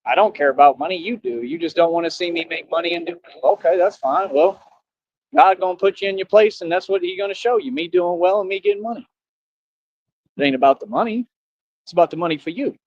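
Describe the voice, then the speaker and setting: A man in an impassioned streamed rant, preachy and defiant, swinging between shouting and low brooding. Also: expressive, quick pace, dry recording. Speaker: livestreamer. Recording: dry, dull lo-fi stream audio.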